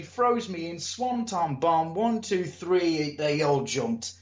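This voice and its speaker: A man, a wrestler telling stories in a casual interview, animated and acting out voices, swearing now and then. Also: on the high side, a little slow, hardly any pauses. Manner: animated storyteller, acts out crowd and promoter. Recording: echoey room, muffled lo-fi sound.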